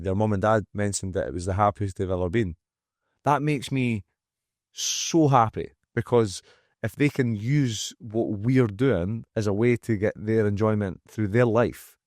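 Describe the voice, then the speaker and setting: A gym owner from Scotland, speaking with a Scottish accent as a podcast guest, holds forth candidly at a moderate pace in a fairly low voice. He's emphatic and frank, swearing freely and performing what people say. The studio recording is dry and close-miked.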